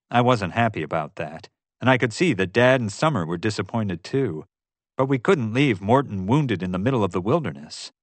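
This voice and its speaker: A man reads a story aloud with a mid-pitched voice that rises and falls a great deal. His delivery is expressive narration, recorded close and dry with no room sound. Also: normal speed, no room sound. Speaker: audiobook narrator. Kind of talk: scripted narration.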